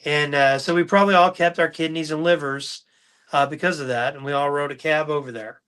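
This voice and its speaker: A man hosting a podcast, telling animated stories in a casual livestream chat and acting out the quotes. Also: on the high side, brisk, clear, resonant tone. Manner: animated anecdotal storyteller, acts out quotes. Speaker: podcast host.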